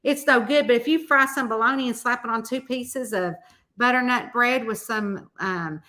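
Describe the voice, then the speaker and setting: A middle-aged woman talks to her viewers in a loose, folksy live-stream chat, drifting from story to story. Her voice is bright and forward, pitched a little high for a woman, and she calls everyone y'all. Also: normal speed. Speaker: mystery author hosting a live chat. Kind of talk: casual live-stream chat reading comments.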